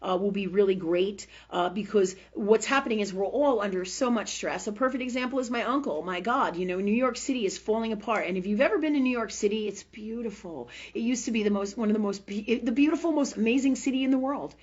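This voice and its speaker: Husky lady host rambling thru a spiritual health reading, dull lo-fi livestream sound. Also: mid-range voice. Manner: chatty and rambling, keeps asking "right?", swears casually. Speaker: medical intuitive host.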